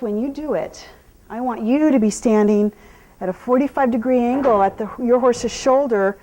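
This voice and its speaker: A middle-aged woman horse trainer explaining groundwork outdoors, calmly talking viewers through each step and praising the horse. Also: on the high side, low-quality recording. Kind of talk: instructional clinic talk while working a horse.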